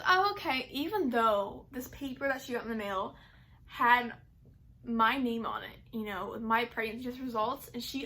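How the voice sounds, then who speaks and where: A woman's voice: on the high side, fairly bright tone, a little hiss or hum. Young woman rambling with filler words. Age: young adult. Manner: rambling, heavy use of "like" and "um". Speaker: vlogger. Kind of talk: casual personal storytelling.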